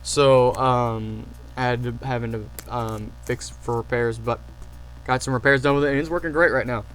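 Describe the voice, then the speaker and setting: A man casually telling stories to camera, excitable and rambling, with lots of fillers and restarts. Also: medium pitch, normal speed, a little hiss or hum, low-quality recording. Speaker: channel host.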